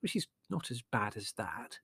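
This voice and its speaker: A man voicing a vague, fussy middle-aged mother who is mild, flustered and gently reproving. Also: fairly high pitch, very animated, normal speed, creaky, husky, no echo, voice pushed up, heavily acted.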